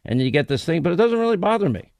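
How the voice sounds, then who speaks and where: A man's voice: a little high, very animated, fast talker, gravelly, darkish tone, dry recording. A man hosting a talk radio show, delivering a rambling, emphatic, conversational monologue into a studio microphone.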